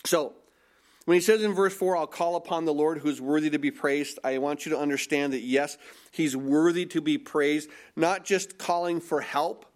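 A man's voice: a little high, steady tone, normal speed. A man preaching a sermon as a pastor, earnest and emphatic, asking rhetorical questions and repeating himself.

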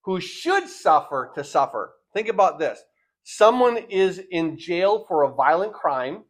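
An older man, a pastor, preaching a sermon, asking his listeners rhetorical questions and acting out the voices he quotes. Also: high voice.

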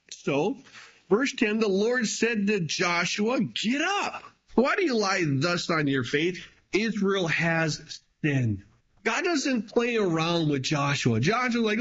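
A man preaching with fervor, his somewhat high voice climbing for emphasis and then dropping low again. He moves between reading verses and paraphrasing them in a lively, plain-spoken way. The recording sounds muffled and lo-fi. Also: a little slow. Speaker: pastor. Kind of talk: sermon.

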